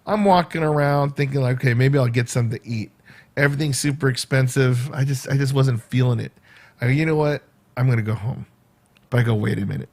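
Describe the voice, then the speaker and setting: A man vlogging casually, retelling a day out in a rambling, animated way with quoted asides. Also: mid-range voice, quick pace. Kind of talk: casual storytelling vlog.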